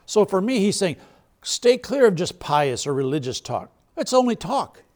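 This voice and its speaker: A man's voice: high-pitched, very animated, normal speed, darkish tone. A male pastor preaching a sermon in a conversational way, asking the crowd questions and laughing between points.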